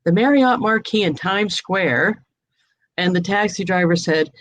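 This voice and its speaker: A woman's voice: mid-range voice, measured pace, slight background noise, low-quality recording. A woman from New England hosting a casual video chat, telling anecdotes and laughing often. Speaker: host.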